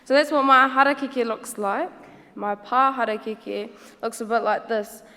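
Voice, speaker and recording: A woman's voice: fairly high pitch, a little slow, bright, forceful tone, in a large hall. A woman with a New Zealand accent giving a personal presentation at a symposium, speaking casually and hesitantly with many ums and Māori words mixed in.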